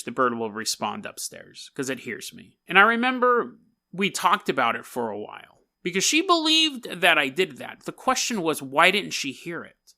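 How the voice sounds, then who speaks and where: Bright-voiced man telling a ghost story. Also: fairly high pitch. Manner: animated, conversational, quotes friends in his own voice. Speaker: podcast host. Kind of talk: personal storytelling.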